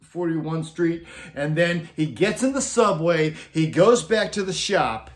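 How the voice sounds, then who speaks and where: A man's voice: a little high, measured pace. Chuckling man spinning a road-crew yarn. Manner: chuckling, acts out quotes in animated voices. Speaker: storyteller recounting road crew tales. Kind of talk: casual anecdotal storytelling.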